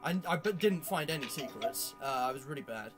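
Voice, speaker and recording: A man's voice: fairly high pitch, lively intonation, a little fast. A man hosting a casual chat with friends, giving opinions in a rambling way with lots of fillers. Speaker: YouTube host. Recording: music playing under the voice.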